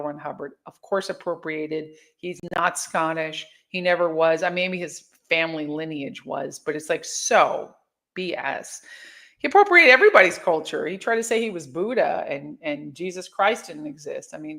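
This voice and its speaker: A woman hosting a livestream, chatting casually and reading viewer comments aloud, chatty and animated with frequent restarts. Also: sits low, normal speed, creaky. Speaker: livestream host.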